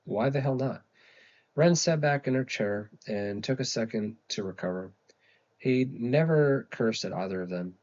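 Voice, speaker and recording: A man reading a novel aloud as a steady audiobook narrator. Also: lowish voice, normal speed, dull audio. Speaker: audiobook reader. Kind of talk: scripted narration.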